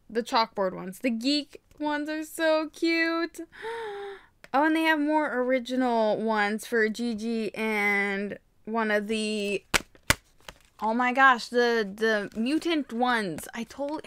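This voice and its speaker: A young woman chatting casually while unboxing toys, gushing and gasping with excitement. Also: high-pitched, smooth, dry recording. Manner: gushing, excitable, frequent gasps. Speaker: toy vlogger.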